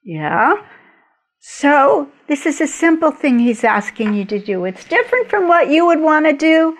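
A woman retelling a Bible story as a teacher, with lively, chatty asides. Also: high voice, measured pace.

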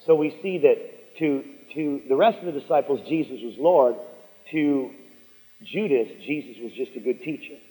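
A man's voice: medium pitch, moderate pace, dark tone, in a large hall, low-quality recording. A man preaching a sermon, building to emphatic repeated calls and asking the congregation for amens.

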